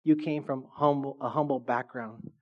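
A man preaching a sermon as a pastor, lively and joking, acting out voices from his stories. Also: medium pitch, moderate pace. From California. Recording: dull lo-fi sound.

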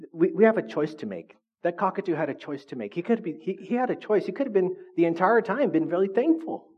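A man's voice: a little high, breathy edge, lo-fi sound. Chatty man preaching a sermon. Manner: conversational, frequent "right?" tags. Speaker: pastor.

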